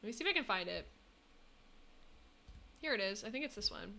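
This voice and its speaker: Bright, bubbly young woman streamer. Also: mid-range voice, lively intonation, fairly quick, gravelly. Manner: bubbly, thanks chat often, giggly. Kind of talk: casual live-stream chat.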